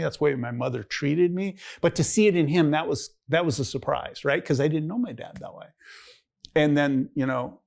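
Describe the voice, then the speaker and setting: A man's voice: medium pitch, creaky, a little mellow. A man in his sixties, a pastor giving his personal testimony in a rambling, conversational way, jumping his voice up when he acts out old conversations. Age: 60s. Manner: rambling, conversational, acts out quoted dialogue in a raised voice. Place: church.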